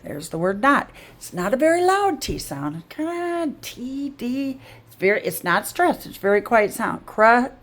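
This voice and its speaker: A woman reading tutor giving a patient, drawn-out phonics lesson. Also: medium pitch, very animated, a bit bright.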